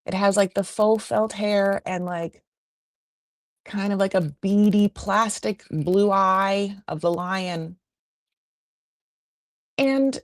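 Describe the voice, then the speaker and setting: A woman's voice: medium pitch, no room sound. A woman hosting a podcast, recapping a reality show in a chatty, gossipy way full of fillers. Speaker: podcast host.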